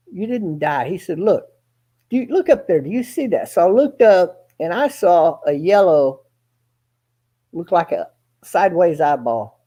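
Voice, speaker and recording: Husky, dark-voiced man telling a story. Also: fairly high pitch. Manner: rambling, folksy, profane, acts out quoted dialogue. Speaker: guest storyteller. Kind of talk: casual storytelling.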